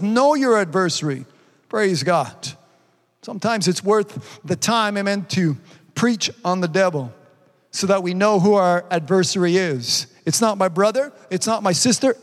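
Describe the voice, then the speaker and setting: High-voiced older pastor in echoing hall. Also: male voice. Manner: fervent preaching punctuated with "amen" and "praise God". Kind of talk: sermon. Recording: long reverb in a large hall.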